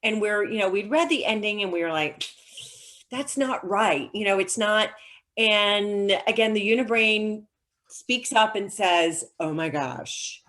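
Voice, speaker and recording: A woman's voice: mid-range voice, unhurried, fairly bright tone. A middle-aged woman novelist chatting over a video call, telling stories with lots of ums and restarts. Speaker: novelist, guest author. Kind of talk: casual conversational interview.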